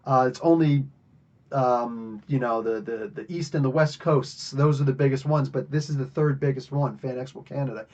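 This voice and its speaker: A man's voice: medium pitch, steady tone, moderate pace, a little mellow, lo-fi sound. A man from New Jersey hosting a podcast, talking casually and rambling with lots of fillers. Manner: rambling, chatty, many fillers. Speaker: podcast host. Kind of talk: casual monologue.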